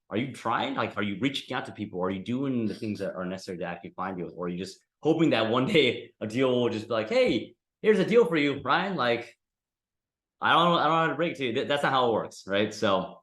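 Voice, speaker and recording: A man's voice: mid-range voice, a bit bright, roomy sound. A man teaching a real estate investing class in a casual, conversational way, often tagging sentences with "right?". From United States.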